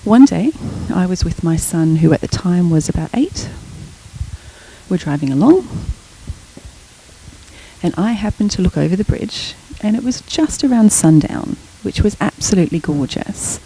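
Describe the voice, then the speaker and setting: A woman's voice: lowish voice, expressive, moderate pace, dark tone, slight background noise, poor audio. A middle-aged woman giving an academic lecture, explaining terms and telling a short story from her own life. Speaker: guest lecturer.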